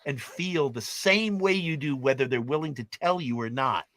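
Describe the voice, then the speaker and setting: A man's voice: medium pitch, normal speed, a bit bright, dry recording. A man retelling film scenes in casual chat, acting out the characters' lines as he goes. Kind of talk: animated storytelling in casual chat.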